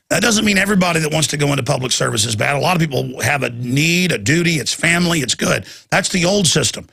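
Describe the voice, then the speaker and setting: A man's voice: fairly high pitch, gravelly, bright, forceful tone, breathy edge. A man hosting a radio talk show with a heated rant, often repeating words as he gets worked up. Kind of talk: ranting radio monologue.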